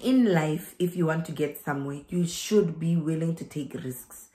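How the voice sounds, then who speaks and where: A low, mellow voice at a moderate pace carries through a reverberant space: a young South African woman, accent and all, offering migration advice in a casual vlog. She laughs and repeats key lines for emphasis.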